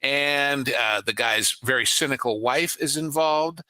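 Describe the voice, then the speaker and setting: A man co-hosts a film podcast, telling anecdotes and laying out a plot at an easy pace, with plenty of filler words. His voice is bright and forward. The sound is dry, recorded close to the mic with no room echo. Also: medium pitch, measured pace, smooth. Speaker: podcast co-host. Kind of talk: casual podcast chat, film synopsis.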